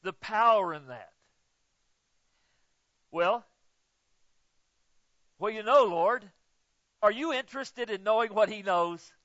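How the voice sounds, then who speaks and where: A man preaching with a high, ringing voice. He moves from loud emphatic bursts to hushed, low asides. The sound is dry and a little muffled. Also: slow pace, pauses often, dry recording. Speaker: pastor. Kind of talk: sermon.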